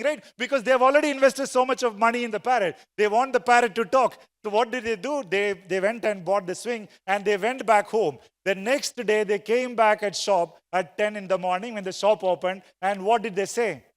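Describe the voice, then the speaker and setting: A man giving a motivational sales talk to a live audience in a large conference hall, telling a story and getting the crowd to answer aloud. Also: high voice. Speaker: sales trainer speaking at a conference. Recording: long reverb of a big hall.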